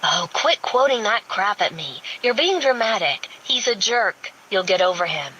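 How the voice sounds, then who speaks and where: A woman's voice: medium pitch, big pitch swings, normal speed, dull audio, a little hiss or hum, pitched above the performer's own voice. A woman voicing a brash, sardonic young redheaded woman who gripes sharply. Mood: exasperated. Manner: sharp, exasperated griping.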